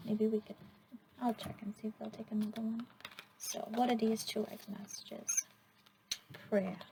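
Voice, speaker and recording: A woman giving a pick-a-card oracle reading, gentle, encouraging and a little rambling. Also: medium pitch, slight background noise, low-quality recording.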